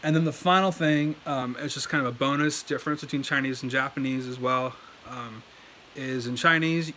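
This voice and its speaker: With a mid-range, sharp-toned voice, this man hosts a language learning video, teaching casually on camera with many fillers and restarts. There's a little hiss or hum, and at his desk setup he shifts around in his chair.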